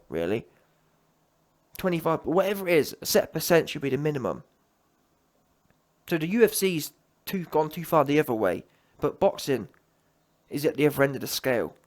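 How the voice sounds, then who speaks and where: A fired-up man rants on his own channel, his voice swinging widely up and down as he hammers home each point. His pitch sits a touch high for a man. He talks fast and keeps cutting himself off to restart a thought. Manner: heated, emphatic, rapid restarts. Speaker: boxing commentator. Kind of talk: opinionated solo rant.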